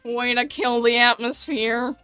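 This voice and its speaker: Woman playing a sour, moody young girl from a game; forced deep slow voice, mock redneck drawl, bright tone. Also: fairly even intonation, smooth, no echo, soft background music. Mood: grumpy.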